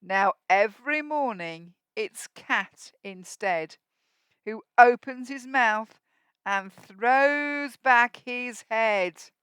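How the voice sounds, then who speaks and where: A woman teacher reading a rhyming picture book to young children at a school assembly, expressive and asking them questions so they join in. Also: fairly high pitch, extremely slow, clear, resonant tone, no echo. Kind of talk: storybook read-aloud for young children.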